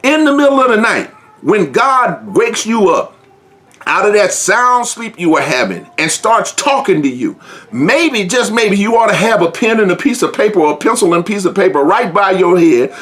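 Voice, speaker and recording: A man with a notably high voice preaching an informal sermon. He talks straight to his listeners in an earnest, plain way, often doubling back on words as he goes. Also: animated, normal speed, fairly bright tone. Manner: earnest, repeats words and restarts, direct address.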